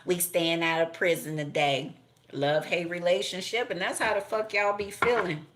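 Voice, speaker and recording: A woman's voice: fairly low pitch, fairly even intonation, normal speed, a bit bright. Profane, blunt woman reading tarot. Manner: profane, blunt, laughing asides. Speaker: tarot reader. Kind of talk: casual tarot reading monologue.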